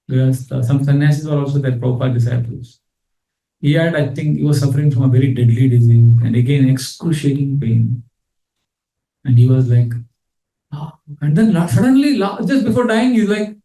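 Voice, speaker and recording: A man giving a scripture class, telling stories earnestly. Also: fairly high pitch. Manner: storytelling, earnest, animated when quoting. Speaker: Bhagavatam teacher. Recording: echoey room, mic at a distance.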